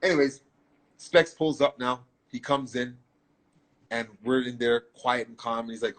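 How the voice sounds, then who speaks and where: A middle-aged man from Canada, telling stories as a guest in a casual interview, animated and profane, acting out what others said. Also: mid-range voice, unhurried. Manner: animated, profane storyteller who acts out quotes. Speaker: guest artist.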